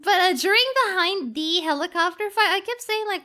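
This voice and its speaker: Brief: high bright female streamer, animated and rambling, faint game music under. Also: a little fast, few pauses. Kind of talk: excited gaming stream commentary.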